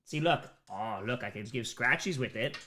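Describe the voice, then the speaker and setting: Bright-voiced man chatting on a livestream. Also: medium pitch, animated, normal speed, slight background noise. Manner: chatty, fondly scolding his dog, reads out donations. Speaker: charity livestream host. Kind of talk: casual livestream chat. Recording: roomy echo.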